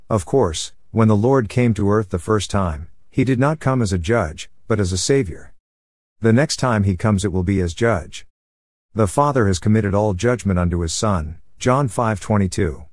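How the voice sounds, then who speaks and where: A man reading a Bible study commentary aloud in a steady, measured way, with no fillers. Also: lowish voice, no room sound, studio quality.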